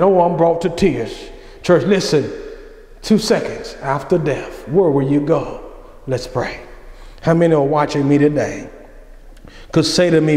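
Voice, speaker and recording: A man preaching in a church sanctuary with a high voice and a fervent, pleading cadence. His words ring out through a roomy hall with a long, lingering reverb. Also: measured pace, warm tone. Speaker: senior minister preaching. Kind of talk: sermon.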